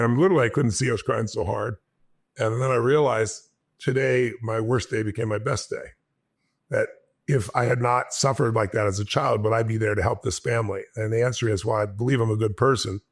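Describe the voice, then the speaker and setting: A man, a guest on an interview show, telling a personal story with animated energy and acting out his own past lines. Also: mid-range voice, fairly quick, creaky, breathy edge.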